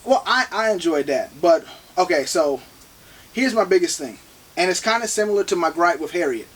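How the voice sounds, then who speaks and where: A man in his thirties co-hosting a casual movie review podcast, animated and playful, talking fast with lots of restarts. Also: high voice, recorded from a distance. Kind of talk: casual chat.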